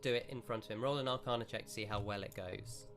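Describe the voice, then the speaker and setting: A man narrating as game master, describing a scene slowly. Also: on the low side, steady tone.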